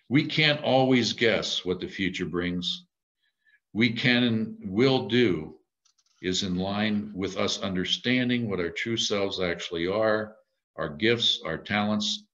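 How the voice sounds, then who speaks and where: Low, slow-spoken man giving a sermon. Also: a bit bright, highs cut off. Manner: reflective, measured, with slow emphatic repetitions. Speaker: lay preacher.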